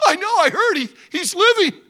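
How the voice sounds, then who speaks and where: A man's voice: animated, moderate pace, sharp tone, heavily acted. A preacher putting on a weeping old father. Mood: overjoyed weeping. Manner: high cracking cries, sobbing laughter. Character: aged father overjoyed, weeping with joy.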